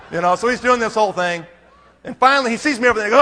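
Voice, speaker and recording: A man at a conference telling a funny story with lots of life, doing little voices for everyone in it. His voice is high and bright, and a long reverb from a large hall trails behind it. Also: racing. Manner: animated, acts out every character. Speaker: conference speaker. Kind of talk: comic storytelling.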